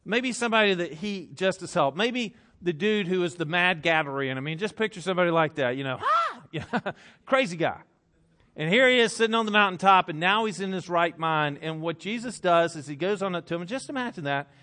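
A man delivering a sermon in a somewhat high voice. He tells his story dramatically, acting out the crowd's reactions, and swings between loud bursts and quiet, hushed passages. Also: brisk. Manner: animated, acts out crowd reactions. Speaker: preacher.

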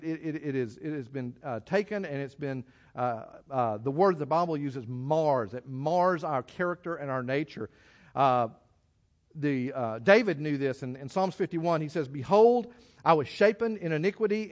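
A man delivers a sermon in a high voice. His delivery is folksy and halting, full of restarts as he works his way through each point. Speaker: preacher.

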